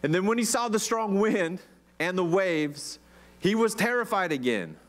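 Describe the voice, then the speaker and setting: A man's voice: sits high, lively intonation, unhurried, fairly bright tone. A man preaching a casual sermon, chatty and joking, with rhetorical questions and many "like"s. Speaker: pastor.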